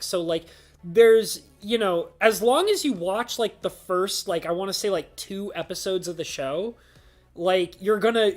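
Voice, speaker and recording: A man hosting a casual live stream, rambling with lots of filler words and frequent laughter. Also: high-pitched. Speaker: streamer host.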